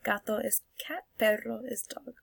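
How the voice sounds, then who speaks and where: A young woman teaching Spanish, sounding out words slowly for learners and then explaining casually. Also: a little high, vocal fry, slightly rough, no room sound. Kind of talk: classroom lesson recorded for students.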